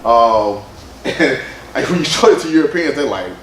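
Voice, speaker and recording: A man presenting with slides at a conference, animated and conversational, slipping into other people's voices when he quotes them. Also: medium pitch, unhurried, a little hiss or hum. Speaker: presenter at a men's summit. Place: conference room. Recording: roomy hall sound with faint ambience.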